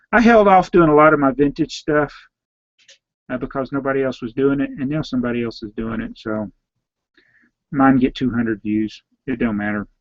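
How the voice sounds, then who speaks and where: A slightly hoarse man with a Southern US drawl hosts a casual live question-and-answer stream. He reads viewer names aloud and gives loose, offhand answers, his voice sitting at an ordinary pitch. The recording is dry and a little dull, with a lo-fi edge. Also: no echo. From Southern United States.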